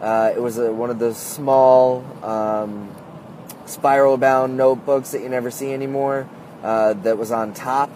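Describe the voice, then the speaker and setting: A man tells a story in a casual, rambling monologue packed with "like" and "uh," recorded on a phone with slight background noise. His mid-range voice is a little slow and a little mellow, with fairly even intonation.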